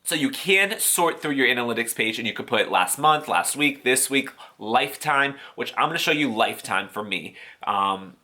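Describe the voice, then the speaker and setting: A man's voice: medium pitch, expressive, moderate pace, hardly any pauses, sharp tone. A man talking in a casual, sassy, profane vlog style, explaining how he gets paid and acting out quoted voices. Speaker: YouTuber.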